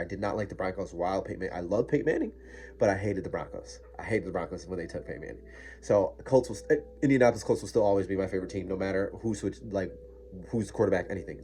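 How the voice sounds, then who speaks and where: Young male vlogger, warm low-key tone, slangy rambling chat that builds into excited outbursts; faint music underneath. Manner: slangy, digressive, gets loud and worked up.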